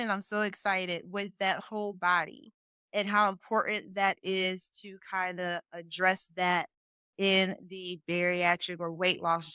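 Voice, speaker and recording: A woman's voice: medium pitch, clear, resonant tone, dry recording, clean studio sound. A woman hosting a podcast, asking questions with enthusiastic reactions. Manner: enthusiastic, warm reactions to the guest. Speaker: podcast host. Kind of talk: podcast interview conversation.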